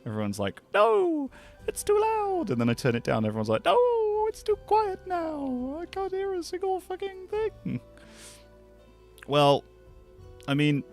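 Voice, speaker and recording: A man's voice: lowish voice, fairly bright tone. A man streaming a cozy video game, chatting with viewers in a joking, self-deprecating way, with game music playing behind. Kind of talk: casual game-stream chat.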